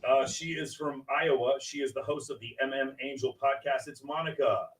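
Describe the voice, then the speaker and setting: A man hosting a casual panel show, joking and introducing a row of guests in quick succession. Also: medium pitch, steady tone. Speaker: host. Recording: distant mic with noticeable background noise.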